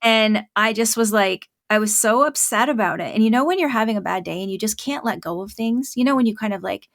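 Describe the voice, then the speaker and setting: A middle-aged woman hosting a podcast in casual conversation. She rambles warmly through stories with plenty of fillers and quick laughs. Her voice has a creaky, gravelly texture, and the recording is dry and close. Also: medium pitch, no echo. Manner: chatty storyteller, laughs often, many fillers. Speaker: podcast host and parent coach.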